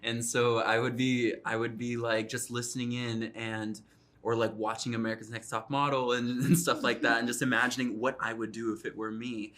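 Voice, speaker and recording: A man's voice: mid-range voice, little pitch movement, normal speed, a bit bright. A young man, a model and reality series cast member, chatting casually in an interview and leaning on "like" and "you know". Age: young adult.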